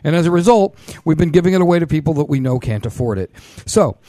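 A man's voice: a little high, animated, fast, warm tone, dry recording, studio quality. A man hosting a casual call-in show, loose and rambling with lots of fillers. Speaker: podcast host.

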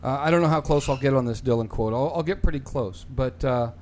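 A man's voice: medium pitch, fast talker, darkish tone, a little hiss or hum. A man hosting a casual panel chat, opinionated and often repeating his first words as he starts a thought. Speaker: show host.

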